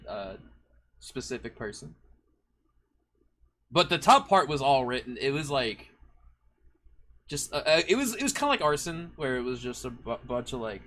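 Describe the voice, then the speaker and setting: A man chatting casually on a live stream about writing his band's lyrics, halting and restarting often. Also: medium pitch, a bit bright. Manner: halting, full of restarts and fillers. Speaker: band member, lyricist.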